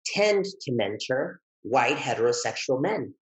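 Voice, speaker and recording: A man guesting on an interview, telling his story in a lively, expressive way that jumps high when he gets excited. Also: a little slow, poor audio. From Texas, United States. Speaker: guest, educator and author.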